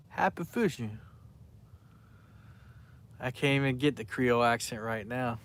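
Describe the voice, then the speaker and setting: A man's voice: mid-range voice, moderate pace, long pauses, a bit bright. A man, chatting casually on a fishing live stream and reading out viewers' names in a rambling way. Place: outdoors by the water at night.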